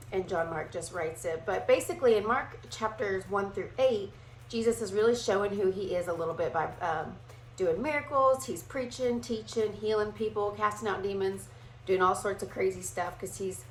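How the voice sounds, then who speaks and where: A woman's voice: medium pitch, slight background noise. Chatty woman teaching Bible study, echoey room. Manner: chatty and animated, acts out quick playful voices.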